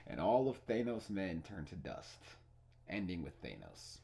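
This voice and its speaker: A young man hosting a casual podcast, excitedly retelling movie scenes, swearing freely and restarting his sentences. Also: low-pitched, unhurried, vocal fry. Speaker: podcast host. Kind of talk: casual spoiler chat.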